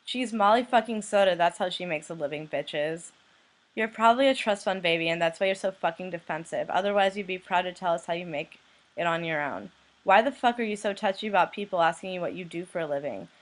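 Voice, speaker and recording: A young woman from the United States, a blogger who reads anonymous messages aloud in a flat, deadpan way. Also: lowish voice, brisk. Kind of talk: reading messages aloud to camera.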